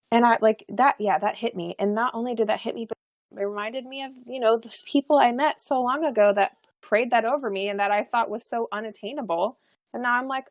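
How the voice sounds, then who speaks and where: A woman's voice: fairly high pitch, brisk, no echo. A young adult woman, a podcast guest, telling a personal story in a chatty way, full of fillers and restarts and frequent laughs.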